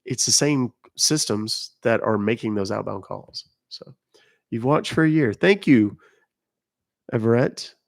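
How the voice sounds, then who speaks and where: Male live-stream host, gravelly mid voice, casual and chatty, reads the chat aloud. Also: mid-range voice, animated, measured pace. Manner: chatty, reads out chat comments, explains rules. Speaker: livestream host.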